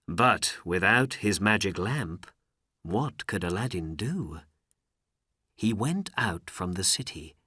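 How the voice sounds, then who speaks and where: Slow, very low-voiced woman storyteller. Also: a bit bright, husky, no room sound, clean studio sound. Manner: slow, carefully enunciated reading. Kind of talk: graded reader narration.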